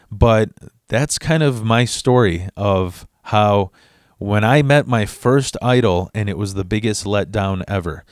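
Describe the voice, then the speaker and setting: A man's voice: lowish voice, clear, resonant tone, dry recording, clean studio sound. A man casually telling a personal story on his video channel, rambling, with frequent stammered restarts and heavy swearing.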